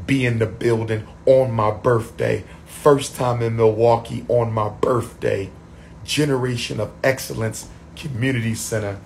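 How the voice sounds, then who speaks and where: A man chatting on a livestream, losing his voice, repeating shout-outs to his viewers. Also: fairly low pitch, slight background noise. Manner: repetitive, call-and-response shout-outs to viewers. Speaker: livestream host. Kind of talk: casual livestream chat.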